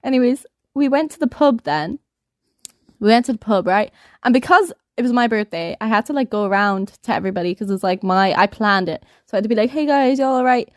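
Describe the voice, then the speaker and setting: A woman's voice: medium pitch, fairly quick, no room sound, clean studio sound. A young woman in her twenties co-hosting a podcast, rambling through a story in casual chat and laughing often. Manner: giggly, rambling, laughs often mid-sentence. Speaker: podcast co-host telling a story.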